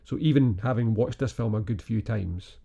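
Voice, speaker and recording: Male podcast co-host, dark gravelly voice, easygoing chat. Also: on the low side, moderate pace. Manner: relaxed, chuckles often, many fillers. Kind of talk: casual film review chat.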